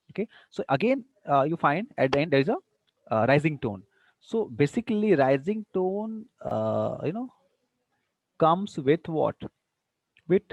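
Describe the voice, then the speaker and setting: A university English lecturer with a fairly high, darkish voice gives an online lecture, patiently explaining and repeating examples with exaggerated rises and falls in tone. He leans on "you know" and "see" as fillers, and the rough recording has no echo.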